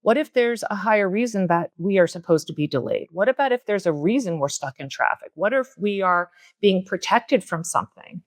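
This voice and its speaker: Middle aged lady yoga teacher talking slow and earnest on a podcast, pretty dry sound. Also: medium pitch, animated, dry recording. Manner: earnest, slows down to stress key words. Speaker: spiritual and yoga teacher, guest speaker. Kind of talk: reflective spiritual talk on a podcast. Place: retreat center room.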